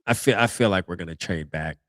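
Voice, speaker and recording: A man's voice: low voice, brisk, fairly bright tone, no room sound. Dry-voiced casual stream host, man. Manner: slangy, thinking aloud with restarts. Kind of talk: casual live reaction stream.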